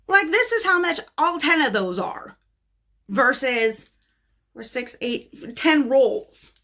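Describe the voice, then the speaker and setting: A woman's voice: medium pitch, fairly bright tone. A woman nail technician chatting casually and bluntly while showing nail art supplies she bought. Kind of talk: casual product haul talk.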